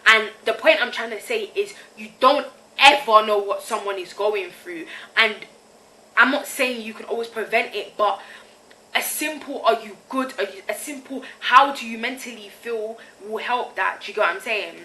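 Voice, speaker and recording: A young woman vlogger films herself on her camera mic for a confessional vlog, talking candidly in slang and repeatedly asking "you get me" to check the listener is following. Her medium-pitched voice comes at a moderate pace and sounds pushed and bright. The recording is rough, with slight background noise.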